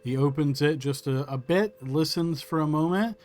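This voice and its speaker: A man runs a tabletop game and narrates the scene in a voice pitched a little high. He is descriptive and unhurried, with small hesitations. His tone stays easy and steady. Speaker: game master.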